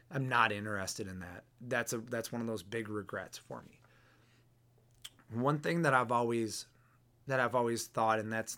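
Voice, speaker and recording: A man's voice: medium pitch, bright, forceful tone. A man in his thirties hosting a podcast, talking in a casual, blunt, motivational way. He is earnest and often repeats words as he finds his next thought. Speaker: podcast host.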